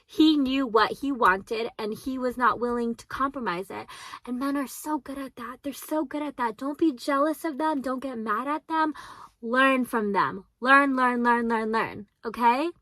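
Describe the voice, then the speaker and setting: A woman's voice: sits high, a little slow, a bit bright, no echo. A woman in her twenties giving casual advice to her viewers, emphatic and repetitive, swearing now and then. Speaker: vlogger.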